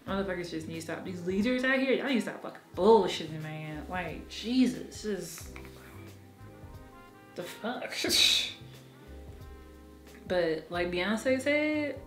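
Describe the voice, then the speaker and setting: A woman's voice: on the low side, expressive, slow, pauses often, fairly bright tone, soft background music. Frank, emotional woman vlogging in an echoey room. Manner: frank and emotional, swears freely, laughs often. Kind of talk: candid personal vlog talk.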